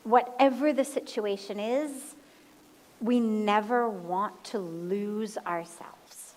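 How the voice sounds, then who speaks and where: A woman spiritual teacher answering a question in a calm, measured talk and guiding a slow breathing exercise aloud. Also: medium pitch, low-quality recording. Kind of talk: slow, gentle satsang talk. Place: satsang hall.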